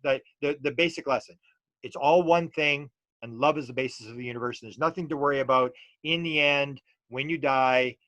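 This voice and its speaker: A man's voice: mid-range voice, a bit bright, no echo, lo-fi sound. A middle-aged man, a UFO researcher talking as an interview guest and telling stories loosely with many restarts and fillers. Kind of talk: casual storytelling interview.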